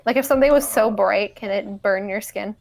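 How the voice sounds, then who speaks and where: A woman's voice: medium pitch, brisk, gravelly, darkish tone, a little hiss or hum. A woman joining a casual chat with curious questions and dry interjections.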